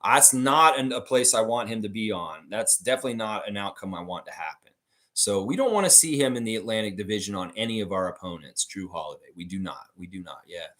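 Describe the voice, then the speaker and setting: A man hosting a live sports fan stream, chatting casually as he reads viewer comments, animated and swearing freely. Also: fast talker. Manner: animated, swings high when mocking others, swears freely.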